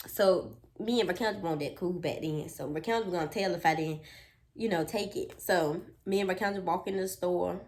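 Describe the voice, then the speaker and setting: A woman telling a childhood story on her vlog, animated and dramatic, with lots of "like". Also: lowish voice, moderate pace. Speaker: storytime vlogger.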